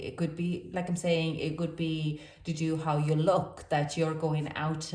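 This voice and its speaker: A woman's voice: sits low, dark tone. A woman speaking as a gives a rambling, chatty tarot reading full of fillers. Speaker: tarot reader. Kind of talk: casual tarot reading to camera. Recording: echoey room, distant from mic.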